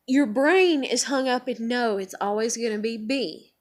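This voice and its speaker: A woman's voice: high voice, normal speed, hardly any pauses. A middle-aged woman ranting to camera, heated and profane, full of rhetorical questions and repeated phrases, upset and tired. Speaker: vlogger. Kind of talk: unscripted emotional rant to camera.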